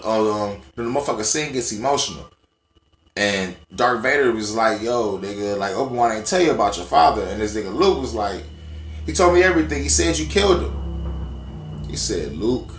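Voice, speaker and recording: A man's voice: mid-range voice, fairly bright tone, roomy sound. A man ranting casually to the camera, profane and emphatic as he tells stories from memory. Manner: profane, emphatic, conversational storytelling. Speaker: vlogger.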